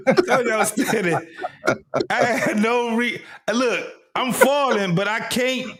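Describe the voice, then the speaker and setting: A man's voice: very high voice, unhurried, crowd noise. A young man co-hosting a casual podcast, telling a childhood story and laughing often as he talks. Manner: animated, laughs often while telling stories. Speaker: podcast co-host.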